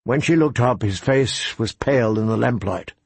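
A man narrating a story in a measured, even audiobook reading. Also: medium pitch, creaky, slightly rough, no echo.

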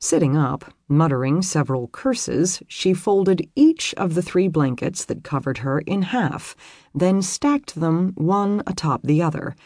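An audiobook narrator reading a romance novel in an expressive, lively storytelling manner. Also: medium pitch, a little slow, no echo, clean studio sound.

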